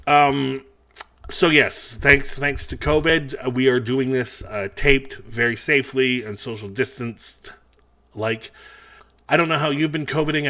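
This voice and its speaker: A man's voice: medium pitch, a bit bright. A man doing a taped stand-up comedy set, talking in a rambling, self-mocking way full of chatty asides. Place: taped show without live audience.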